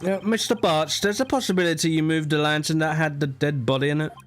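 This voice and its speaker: A man's voice: a little high, fast, faint music behind, lightly acted. A man voicing an earnest young male defense lawyer in a plain reading of game dialogue.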